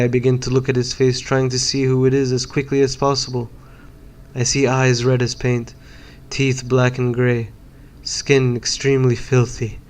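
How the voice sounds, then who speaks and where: Flat-voiced man reading a horror story. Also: mid-range voice. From Palestine. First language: Arabic. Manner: measured, dramatic inner monologue.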